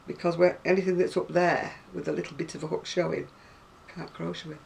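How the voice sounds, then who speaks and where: Gravelly older northern English woman. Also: lowish voice, flat delivery, quick pace, darkish tone, recorded from a distance, slight background noise. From North West England. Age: 60s. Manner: chatty and rambling, with frequent laughs. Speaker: craft seller. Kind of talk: casual chat to camera.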